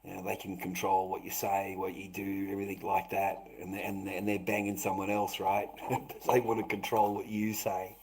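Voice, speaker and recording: A man's voice: deep voice, completely flat delivery, normal speed, creaky, darkish tone, slight background noise, rough recording. A middle-aged man rambling through a livestream monologue, swearing often and restarting his sentences. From Australia. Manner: swearing, repetitive, stammering restarts.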